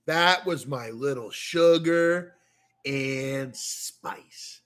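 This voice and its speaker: A man's voice: mid-range voice, very slow, fairly bright tone. A man with a Canadian accent telling a long, rambling story in a casual rant, swearing often and talking with a lot of animation. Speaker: streamer.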